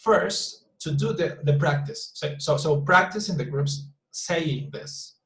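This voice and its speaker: A man's voice: a little high, expressive, unhurried, fairly bright tone, reverberant, poor audio. A man teaching an English class over a video call, repeating words as he searches for them and modeling sentences with exaggerated stress.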